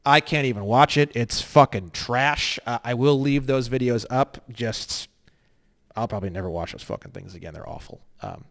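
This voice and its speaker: A man teaching an online course in a crude, joking way, swinging between low muttering and loud, excited rants. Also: normal speed. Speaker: online legal course instructor. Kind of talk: profane, rambling screen-share lesson.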